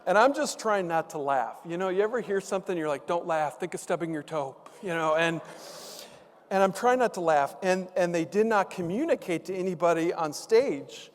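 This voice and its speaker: A man's voice: high voice, lively intonation, moderate pace. A man, a motivational keynote speaker, telling a humorous story on stage with playful asides to the audience, on a stage mic in a large hall. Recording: reverberant conference hall.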